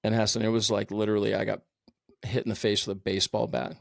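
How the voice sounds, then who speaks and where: A middle-aged man with a rough, fry-laden voice that sits on the low side tells his own story as a podcast guest. He speaks bluntly and swears freely, with lots of "uh"s along the way. The sound is dry, with no room around it. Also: little pitch movement, fast, no room sound. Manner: blunt, profane, filler-heavy. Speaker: podcast guest, firefighter captain. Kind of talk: candid personal storytelling.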